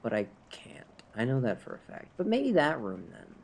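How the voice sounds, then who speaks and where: A man's voice: mid-range voice, huge pitch swings, moderate pace, vocal fry. A man with a Canadian accent, a little drunk, talking to himself in casual gameplay livestream chatter, rambling and chuckling at his own jokes. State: tipsy from drinking. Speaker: streamer.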